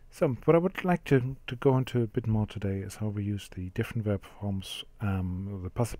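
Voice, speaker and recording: Mellow-voiced man teaching French grammar. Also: fairly low pitch, no echo. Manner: explanatory, steady, with frequent ums. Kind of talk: classroom-style grammar lesson.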